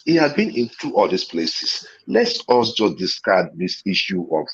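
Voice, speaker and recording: A man's voice: fairly low pitch, very animated, normal speed, slightly rough, highs cut off. A man with a Nigerian accent, calling into a talk show and making his point emphatically, repeating himself and restarting his sentences. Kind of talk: heated call-in debate.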